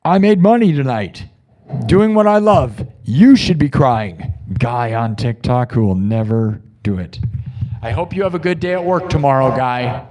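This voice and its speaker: A young man hosting a live music stream, ranting and mocking his chat, swinging between shouting and muttering. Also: medium pitch, expressive, unhurried.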